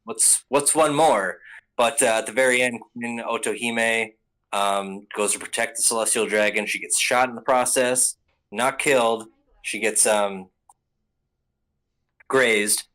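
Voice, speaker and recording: A man's voice: lowish voice, fairly even intonation, unhurried, bright, forceful tone, low-quality recording. Rambling, casual young man recapping. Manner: rambling, casual, profane, many fillers. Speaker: podcast host.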